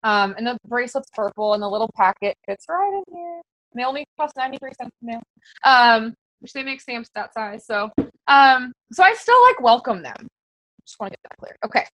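A woman's voice: fairly high pitch, expressive, a little fast, fairly bright tone, no echo, rough recording. Chatty, conversational woman coaching peers. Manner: very conversational, chatty with many fillers. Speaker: fitness business coach. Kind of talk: casual teaching talk to fellow coaches.

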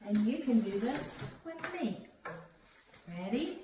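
A woman teaching young children a phonics lesson in a slow, sing-song teacherly way, sounding out letters. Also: fairly high pitch, lively intonation, mellow, slight background noise. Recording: roomy home recording from a distance.

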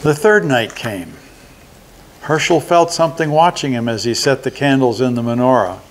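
An older man reads a children's holiday story aloud at an unhurried pace. His own voice is in a middle range, steady and deliberate between the character parts. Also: medium pitch, a little hiss or hum. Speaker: resident reading a story.

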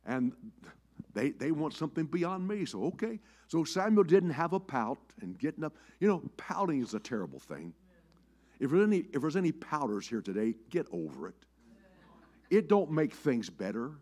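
A man's voice: fairly high pitch, moderate pace. An older man preaching a sermon in a church, telling folksy farm stories and often repeating his words as he starts a sentence. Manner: folksy storytelling, repeats words, lively rises and drops. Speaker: bishop preaching. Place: church sanctuary.

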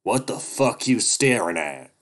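Male weasel thug, nasal, grating, screeching, high, loud, foul-mouthed, storybook villain. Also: very animated, a little slow. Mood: snarling. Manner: yelling and cursing. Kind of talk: audiobook-style story reading.

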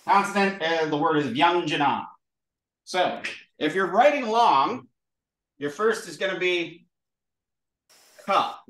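A man teaching a lively classroom lesson, drilling sounds aloud with his students. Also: fairly high pitch, slow pace, pauses often, recorded from a distance. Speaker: Sanskrit teacher. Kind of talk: classroom lesson with call-and-response. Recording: roomy echo in a classroom.

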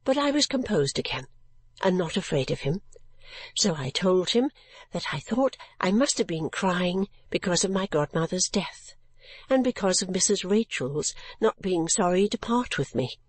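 A woman narrating a classic novel as an audiobook, in a gentle, measured storytelling manner. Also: fairly low pitch, expressive, breathy edge, dry recording.

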